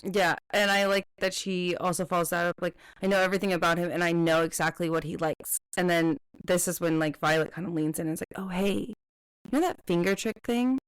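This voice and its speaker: Woman, young adult, low smooth voice, dry close sound, casual podcast chat, filler-heavy. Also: flat delivery, fast, few pauses, dry recording. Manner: chatty, many "like" fillers, slips into quoting characters. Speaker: podcast co-host. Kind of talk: casual book discussion.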